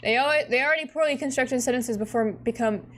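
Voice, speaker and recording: A slightly high-voiced woman reads a webcomic aloud and reacts to it in loose, casual commentary. She giggles often, gets excited and swears freely. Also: brisk, slight background noise. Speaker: host reading a webcomic aloud.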